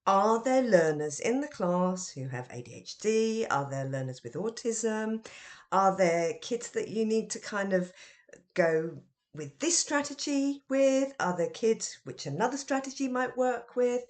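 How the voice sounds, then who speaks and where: A middle-aged woman who trains teachers and speaks in an educational podcast style. Her pitch rises and falls widely as she fires off emphatic questions. She sounds animated and clear. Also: unhurried. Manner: lively and expressive, with emphatic questions.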